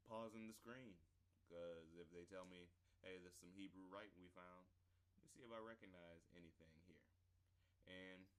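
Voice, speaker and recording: A man casually working through a textbook lesson on camera, reading passages aloud and slowly sounding out syllables, rambling between them. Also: low-pitched, fairly bright tone, smooth, rough recording. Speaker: self-taught learner presenting a lesson. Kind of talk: casual vlog-style lesson.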